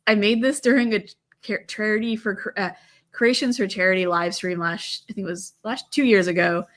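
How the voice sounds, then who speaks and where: A woman's voice: medium pitch, steady tone, normal speed, fairly bright tone. A middle-aged woman from the US, a guest in a casual chat, talking in a rambling, hesitant way with many fillers.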